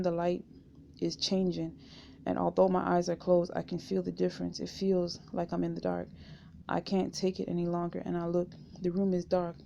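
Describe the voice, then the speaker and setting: Low gravelly woman reading a memoir. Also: slight background noise. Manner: steady, unhurried first-person reading. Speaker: audiobook reader.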